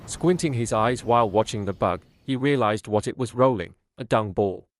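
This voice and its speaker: Calm male storybook narrator. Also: medium pitch, normal speed.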